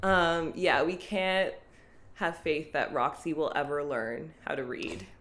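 A woman's voice: sits low, fairly even intonation, slow, a bit bright. A woman co-hosting a podcast, chatting casually with giggly, playful teasing. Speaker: podcast co-host. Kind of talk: casual recap chat.

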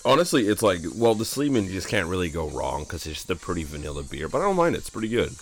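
A man co-hosting a podcast with a very low voice. He talks in a dry, matter-of-fact way through relaxed casual chat. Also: fast talker, faint music behind. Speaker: podcast co-host.

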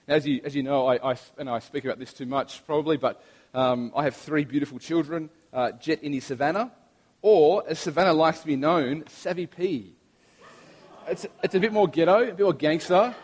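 This pastor, a man in his thirties, has a somewhat high, slightly mellow, husky voice and a moderate pace. He preaches a sermon with prayer in a chatty storytelling style, restarting often, while a large hall's long reverb fills the recording.

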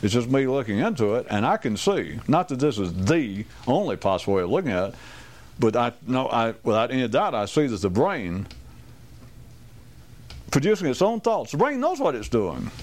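Man giving a rambling, animated talk. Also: mid-range voice, normal speed. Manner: rambling and wry, with quoted asides and chuckles; digressive, restarting sentences. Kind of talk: informal talk to a small group.

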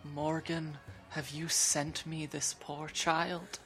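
A woman gives voice to an old, weathered dwarf man in a tabletop game, earnest and a little pleading. He is uneasy around children and hungry for a sign from above. The voice sits low and unhurried, with faint music behind. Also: little pitch movement, fairly bright tone, heavily acted. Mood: wary.

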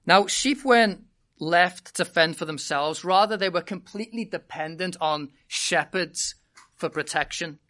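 Bright-voiced British preacher telling a story. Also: mid-range voice, unhurried. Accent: British English. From Britain. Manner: humorous, animated storytelling. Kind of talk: sermon with an opening personal story.

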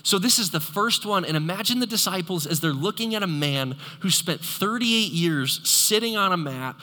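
A male pastor preaching a sermon in a church, animated and conversational, joking with the congregation. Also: high-pitched, moderate pace. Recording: long echoey hall reverb.

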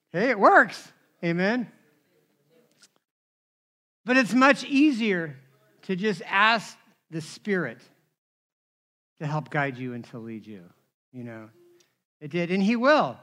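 A man preaching a sermon, telling personal stories in an animated, conversational way and asking the crowd for responses. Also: high-pitched, unhurried, pauses often. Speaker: pastor.

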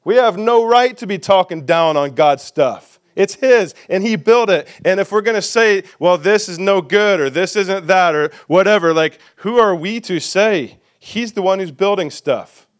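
A pastor preaches in a smooth, resonant voice that sits high for a man. He leans on repetition and keeps tossing questions out to his congregation. The setting is a church sanctuary. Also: lively intonation, moderate pace, few pauses. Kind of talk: sermon.

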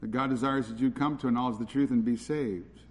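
A man's voice: medium pitch, steady tone, quick pace. A man preaching an expository sermon, earnest and repeating his points for emphasis. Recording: long reverb of a large hall.

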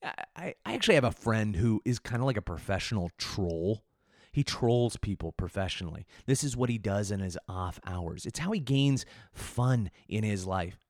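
Man, podcast host, lowish voice, dry close sound, rambling, self-mocking, irreverent. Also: lively intonation, normal speed, darkish tone, no echo. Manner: restless delivery with frequent restarts and sudden jumps in energy. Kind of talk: solo podcast monologue.

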